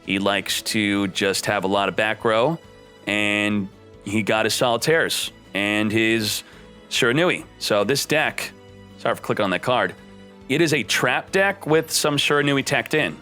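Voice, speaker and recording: A man's voice: unhurried, soft background music. A man hosting a card game stream, giving hyped deck-review commentary and sounding slightly out of breath. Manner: energetic, punchy, jumps up in pitch for emphasis.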